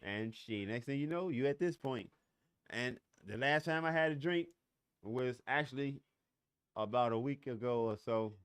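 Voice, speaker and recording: A man's voice: medium pitch, moderate pace, a bit bright, clean tone, dry recording. A middle-aged man hosting a podcast, ranting in a profane, heated and confrontational way, often stumbling over restarts. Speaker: podcast host. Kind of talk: solo podcast rant.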